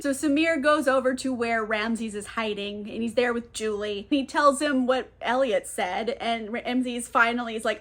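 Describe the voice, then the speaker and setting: High-voiced chatty woman recapping a book. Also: normal speed, few pauses, a bit bright. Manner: chatty and irreverent, many "like"s. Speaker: book reviewer.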